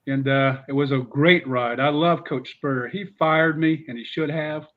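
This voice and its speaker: A middle-aged man with a fairly high voice recounts his coaching days in an animated, rambling way, full of "you know" asides. The recording sounds a little dull and muffled. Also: moderate pace, a little hiss or hum. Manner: animated storyteller with many fillers. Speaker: guest, former football coach. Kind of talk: casual storytelling interview.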